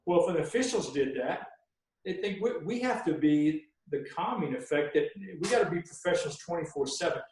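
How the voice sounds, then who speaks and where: A man with a fairly high, a little mellow voice and lively intonation talks briskly in a podcast interview, recorded in a very echoey room. As a veteran basketball referee, he spins folksy stories and acts out his sideline exchanges with coaches.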